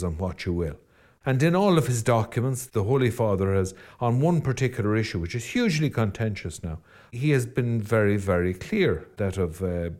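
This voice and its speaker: A man's voice: lowish voice, a little mellow. An Irish man, a Catholic priest, giving an earnest, rambling podcast reflection with self-deprecating asides.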